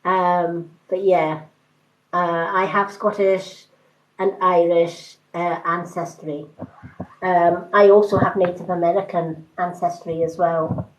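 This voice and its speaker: A woman in her fifties with a mixed British accent, giving a card reading on a live stream in an unhurried, hesitant, reassuring way with many ums. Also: fairly low pitch, flat delivery, rough recording. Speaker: tarot card reader.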